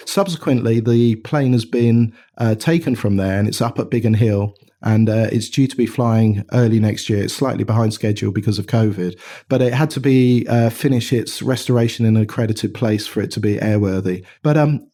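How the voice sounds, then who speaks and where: A middle-aged man from England, a watch company founder, telling an animated anecdote in a casual interview. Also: medium pitch, normal speed. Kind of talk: conversational storytelling.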